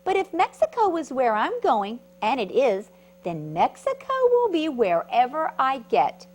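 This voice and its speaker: Cast: a woman reading as a tiny, determined caterpillar girl, squeaky and sing-song, sitting up high. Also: sing-song, unhurried. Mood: eager. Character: eager little female caterpillar, determined.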